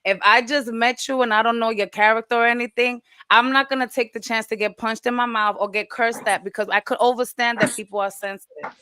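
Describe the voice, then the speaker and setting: A woman's voice: a little high, fairly even intonation, brisk, hardly any pauses, bright, forceful tone, smooth, no room sound, rough recording. A woman co-hosting a podcast, talking bluntly and emphatically in casual slang. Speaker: podcast co-host. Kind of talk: casual group chat.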